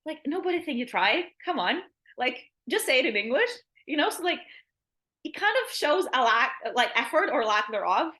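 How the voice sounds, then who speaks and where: A woman's voice: sits high, big pitch swings, normal speed, pushed and bright. A woman, a language teacher, talking casually as an interview guest, rambling with lots of "like" and laughing often.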